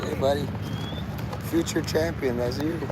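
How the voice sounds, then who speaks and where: Livestreaming from a city street, a man rambles in casual chat, tossing in profane, darkly joking asides. His voice is a little high and steady in tone, a little slow. Loud traffic, vehicles, and city ambience fill the background.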